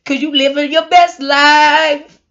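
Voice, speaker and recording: A woman giving a casual, rambling motivational talk, laughing often and swinging from loud to hushed. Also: high voice, fairly even intonation, slow pace, vocal fry, highs cut off. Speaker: motivational vlogger.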